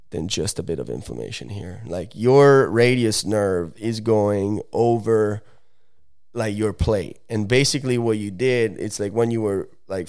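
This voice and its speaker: A man's voice: lowish voice, a little mellow, clean tone. A young Italian-born man, a podcast guest, telling a long story in a loose, slangy way with many fillers and restarts. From Italy. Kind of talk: casual storytelling.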